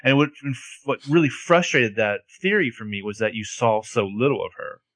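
A man's voice: medium pitch, animated, moderate pace, a bit bright, dry recording. Chatty man talking over a show. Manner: chatty, lots of "like" and restarts. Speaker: podcast co-host recapping a TV episode. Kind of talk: casual chat.

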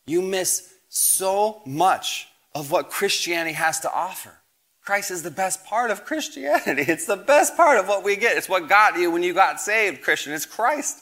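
A man's voice: high-pitched, animated, moderate pace, bright, forceful tone. A man in his thirties, a pastor preaching a sermon, reading scripture aloud and telling family stories with rising emphasis. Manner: storytelling with family anecdotes.

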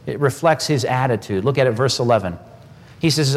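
A man's voice: medium pitch, brisk. Emphatic male pastor in a reverberant hall. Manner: emphatic, swings between loud and hushed. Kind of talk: sermon. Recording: broadcast sermon with long hall reverb.

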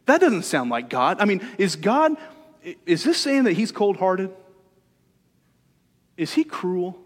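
Male pastor, slightly high voice, conversational sermon delivery with rhetorical questions, long hall echo. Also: sing-song, a little slow.

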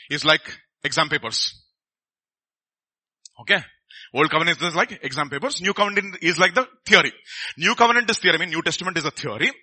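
A man's voice: a little high, bright, forceful tone. A middle-aged man, preaching a sermon in a conversational way and often asking the congregation questions.

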